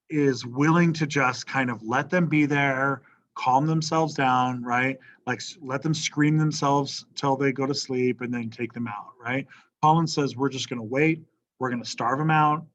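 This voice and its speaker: A man's voice: medium pitch, a bit bright, dull audio. A man teaching a history lesson to students in a casual classroom manner, often checking in with the class. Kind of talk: classroom lecture.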